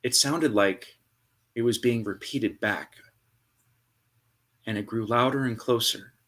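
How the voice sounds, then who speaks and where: A man narrating a tabletop game as game master, with dramatic storytelling and hushed pauses. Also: mid-range voice.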